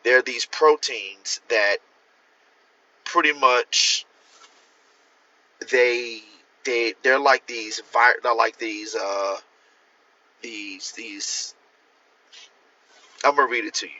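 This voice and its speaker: Guy ranting on his phone live, swears a lot, answers comments, sharp bright voice. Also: mid-range voice, steady tone, very slow, pauses often, lo-fi sound. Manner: profane, rambling, talks straight to viewers. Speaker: author hosting a livestream. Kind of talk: casual livestream chat.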